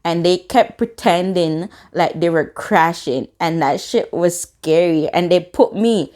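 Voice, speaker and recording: Brief: woman in her twenties, lower-pitched, casual storytime vlogger, curses often, acts out quotes. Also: unhurried, hardly any pauses. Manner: swearing, animated reenacted quotes.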